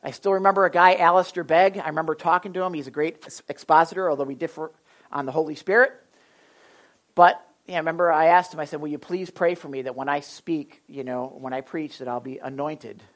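A pastor preaching to a small group, talking straight to the people in front of him. His voice swings between loud, emphatic points and quiet asides. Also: on the high side, steady tone, a little fast, dull audio. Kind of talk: sermon to a small Bible study group.

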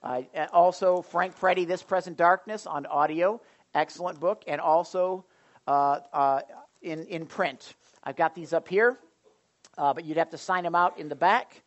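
A middle-aged man pastor leading a church prayer and then giving announcements, folksy and animated with many fillers. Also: on the high side, a little slow, dull audio. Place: church service.

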